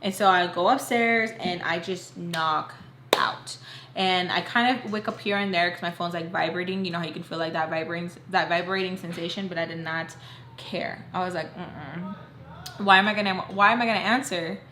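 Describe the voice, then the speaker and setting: A woman's voice: lowish voice, steady tone, moderate pace, a bit bright. A young adult woman telling a personal story in a casual, chatty way, filling her talk with "like" and speaking straight to her viewers. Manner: chatty, fills talk with "like", talks to viewers as "y'all". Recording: roomy echo, faint background hiss.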